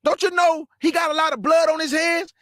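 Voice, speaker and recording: Brief: man, very high voice, fiery mocking preacher, dry close sound. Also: level tone, brisk, no echo. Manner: blunt, mocking, scolding the listener directly; bursts into shouts. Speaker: preacher and show host. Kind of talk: fiery street-style preaching rant.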